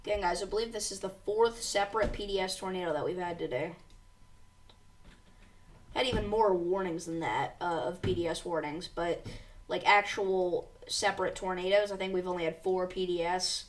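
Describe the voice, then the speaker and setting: A woman's voice: lowish voice, moderate pace, recorded from a distance. A woman hosting a live severe weather stream, reading tornado warnings aloud with urgency and talking straight to her viewers. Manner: urgent, reads warnings aloud, addresses viewers as you guys. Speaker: severe weather livestream host. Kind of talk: live storm coverage commentary.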